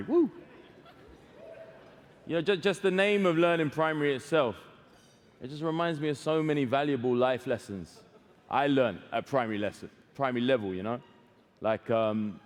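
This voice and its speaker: A man hosting an awards ceremony on stage, joking, rambling and laughing at his own jokes. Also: fairly high pitch. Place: large hall with live audience. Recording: long hall reverb, audience noise.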